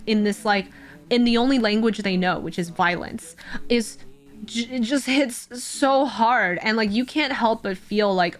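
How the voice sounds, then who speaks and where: A young woman streamer casually retelling an anime plot, rambling with lots of filler words. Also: mid-range voice. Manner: rambling, heavy on "like" fillers, animated storytelling. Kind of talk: casual chat. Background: faint music.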